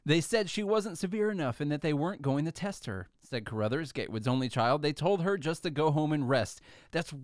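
A man's voice: on the high side, lively intonation, fairly quick, hardly any pauses, dry recording, clean studio sound. A man hosting a talk show, reading news articles aloud and adding sarcastic comments in casual commentary.

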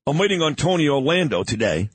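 Lively husky male radio host. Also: fairly high pitch, fast, dry recording. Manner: chatty, joking, coughing at times. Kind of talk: casual morning radio talk.

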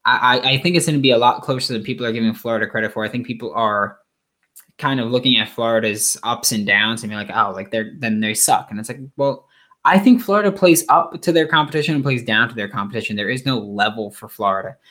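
Rambling casual sports podcast host. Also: male voice, medium pitch, fast. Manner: rambling, animated, with many fillers and restarts.

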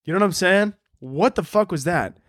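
A man's voice: high voice, lively intonation, moderate pace, fairly bright tone, dry recording, studio quality. Rambling, swearing podcast host man. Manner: rambling, profane, self-mocking. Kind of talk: casual solo chat.

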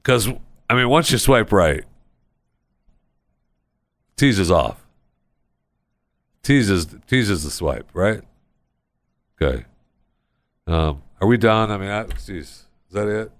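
A man's voice: on the low side, expressive, slow pace, pauses often, fairly bright tone, dry recording. A man hosting a podcast, bantering and reading listener reviews aloud in a wry, teasing way. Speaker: podcast host.

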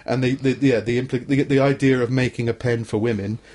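A man's voice: mid-range voice, fairly even intonation, brisk, darkish tone. A young man co-hosting a casual comedy podcast, rambling, restarting his sentences and laughing often. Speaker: podcast co-host.

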